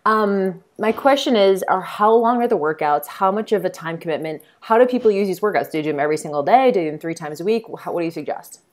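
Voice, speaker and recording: A woman host and fitness coach chatting casually, bubbly and laughing, firing off quick questions. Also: mid-range voice. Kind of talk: casual conversation. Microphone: phone or online call.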